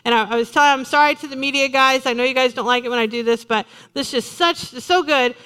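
A woman pastor preaching a sermon to her congregation in a lively, conversational way, joking with them as she goes. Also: high-pitched, quick pace, clear, resonant tone. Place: church in front of a congregation.

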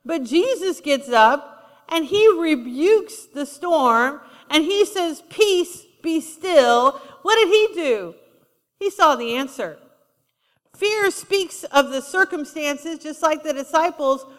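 A woman's voice: high-pitched, animated, slow. A woman preaching a sermon in a conversational style, acting out quotes as she goes. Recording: long reverb of a large hall.

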